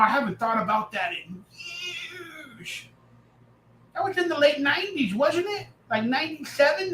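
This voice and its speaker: A man hosting a casual live reaction stream, talking loudly and excitably, reading and answering chat messages as he goes. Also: very high-pitched, roomy sound, rough recording. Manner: loud, excitable, reads chat aloud.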